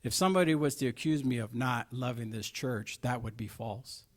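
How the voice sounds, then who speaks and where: A middle-aged man delivers a sermon at a moderate pitch. He drops into soft asides and then pushes key words with force. He asks the listeners rhetorical questions throughout. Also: moderate pace. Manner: emphatic, rhetorical questions, swings between soft asides and loud stresses. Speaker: preacher.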